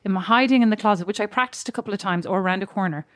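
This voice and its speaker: A woman co-hosting a casual chat podcast, giggly and animated as she tells stories. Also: medium pitch, rapid-fire, no room sound, studio quality. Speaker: podcast co-host.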